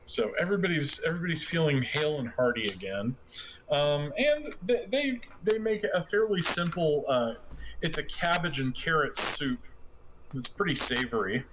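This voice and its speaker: A man's voice: on the high side, lively intonation, normal speed. A man narrating as game master in a casual, hesitant way, over a noisy online voice chat. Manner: casual, hesitant, many fillers.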